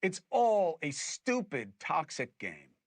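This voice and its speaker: A man's voice: a little high, huge pitch swings, takes it slowly, no room sound. A man hosting a political commentary show, arguing his points emphatically and putting things in plain terms. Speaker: host.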